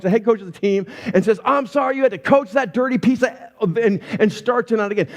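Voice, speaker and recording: A middle-aged man preaching to his church with a light, fairly high voice. He tells stories with animated energy, slips into little acted-out voices and throws rhetorical questions at the congregation. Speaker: pastor. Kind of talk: sermon.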